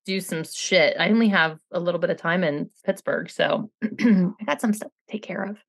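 A woman's voice: fairly low pitch, moderate pace, gravelly. A woman co-hosting a casual podcast who chats with wisecracking, sarcastic asides. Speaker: podcast co-host.

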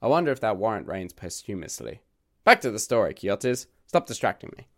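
A man hosting a literature podcast, reading a scripted essay with wry, jokey asides in a voice left croaky by a recent illness. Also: fairly low pitch, very animated, brisk.

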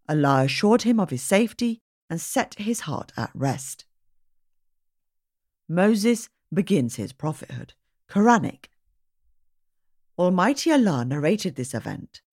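A woman reading a religious storybook aloud in a slow, expressive storytelling manner. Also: medium pitch, slightly rough, no room sound, studio quality. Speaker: audiobook reader.

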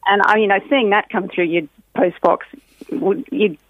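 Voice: medium pitch, normal speed, dry recording. This is a middle-aged speaker, chatting cheerfully as an interview guest. The voice sits in an ordinary middle range. It comes over a tinny phone line, dry and narrow. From Australia. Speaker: guest, graphic designer.

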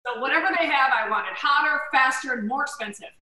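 A middle-aged woman comedian spins stories in a casual chat. Her voice is high and sharp, and she throws herself into other people's voices. She sits back from the mic in a roomy kitchen with faint noise behind her. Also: quick pace, far from the mic. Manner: animated storyteller who acts out quoted voices. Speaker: guest comedian. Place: home kitchen.

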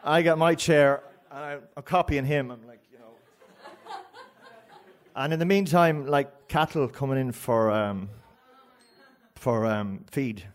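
Irish male storyteller, animated and rambling, mid-pitched voice, live stage tale. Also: a little slow. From Ireland. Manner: rambling and animated, with frequent restarts and laughs.

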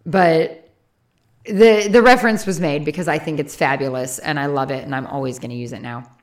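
A woman's voice: low voice, a little fast. A woman co-hosting a casual chat, laughing often and trailing off while she recalls a story.

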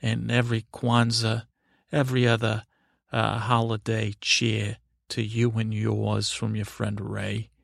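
Gentle, meandering sweetheart, as a podcast host puts him on; monotone, a bit of fry, close dry mic. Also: male voice, on the low side, unhurried, no room sound. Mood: sweet. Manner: meandering, rambling and dull. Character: sweet, slow, gentle man named Ray. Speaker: recurring comedy character. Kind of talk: improvised comedy podcast bit.

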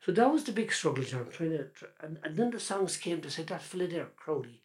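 Talking fast with big pitch swings, an older folk singer and columnist from Cork, Ireland, chats casually in an interview. His voice is on the high side and darkish, his Cork accent clear, and he rambles, restarting words again and again.

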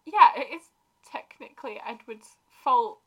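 A young woman, co-hosting a casual chat, animated and quick to laugh, acting out quotes. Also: a little high, highs cut off. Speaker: podcast co-host.

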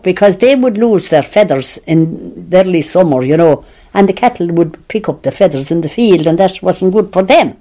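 An older woman with an Irish accent who tells childhood stories in a lively, animated way, laughing and acting out the voices of people she quotes. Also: fairly low pitch. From Tipperary, Ireland. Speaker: interviewee. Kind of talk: lively storytelling reminiscence.

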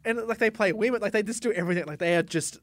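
A woman's voice: mid-range voice, racing, no room sound. A woman chatting casually, retelling a film scene by scene and laughing often as she acts out quotes.

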